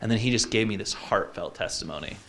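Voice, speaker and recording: A man in his twenties from Utah, telling a personal story in a casual, reflective way, halting often with fillers and restarts. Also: fairly low pitch, creaky, fairly bright tone, slight background noise.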